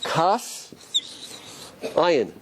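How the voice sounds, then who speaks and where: Animated rabbi lecturing a class. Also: male voice, very slow, slight background noise, low-quality recording. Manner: animated, asks the audience questions, pitch swings up and down.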